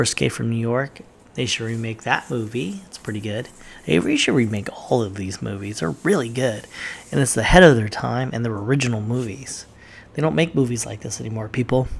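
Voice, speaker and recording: A man's voice: mid-range voice, vocal fry. A man giving blunt, offhand opinions in casual commentary, with plenty of fillers. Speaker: vlogger reacting to movie lists.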